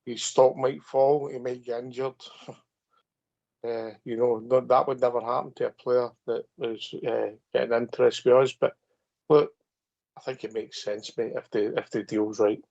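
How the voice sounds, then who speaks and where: Scottish male host, gravelly voice, blunt short sentences, muffled audio. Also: medium pitch, level tone, normal speed, a little mellow. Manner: blunt, punchy short sentences, says mate constantly. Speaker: host of a fan phone-in show. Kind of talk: casual chat.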